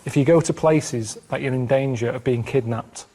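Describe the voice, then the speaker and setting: A man on a comedy talk show, telling a story in a deadpan, plain-spoken, rambling way. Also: medium pitch, normal speed, husky. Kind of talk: casual storytelling chat.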